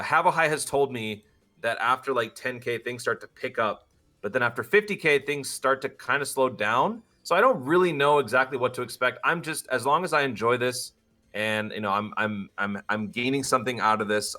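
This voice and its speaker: Bright-voiced man chatting casually. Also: mid-range voice. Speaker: podcast guest, voice actor. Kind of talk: casual chat.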